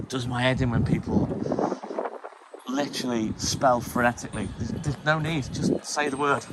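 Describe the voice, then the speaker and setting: A man's voice: mid-range voice, fairly even intonation, moderate pace, very noisy. A man livestreaming from his delivery vehicle, chatting casually with viewers, teasing and swearing with frequent laughs. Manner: banters and teases, swears, laughs often. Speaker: milkman livestreamer. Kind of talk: casual live-stream chat with viewers.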